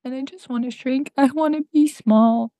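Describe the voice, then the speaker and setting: Tearful young woman with a gravelly voice. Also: high-pitched, steady tone, dark tone, no room sound. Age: young adult. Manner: halting, full of fillers and restarts. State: crying. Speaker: podcast host. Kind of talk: tearful personal monologue. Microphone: home podcast mic.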